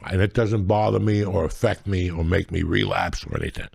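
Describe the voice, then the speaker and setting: Gravelly, husky man with low voice. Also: fairly even intonation, a little fast, a little mellow, dry recording, clean studio sound. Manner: raw, profane storytelling. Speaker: podcast host and comedian. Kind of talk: casual podcast chat.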